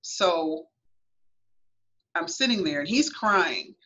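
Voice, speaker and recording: A woman's voice: mid-range voice, very animated, slow pace, long pauses, a bit bright. A woman guest on a radio talk show, telling her own story in an earnest, emphatic way. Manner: earnest, emphatic, reenacts her past thoughts. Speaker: guest author. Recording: lo-fi radio audio.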